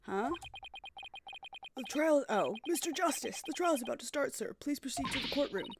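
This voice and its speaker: Woman playing a flustered bailiff, formal, hurried, high pitched, game character. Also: expressive, vocal fry, noisy background. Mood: urgent.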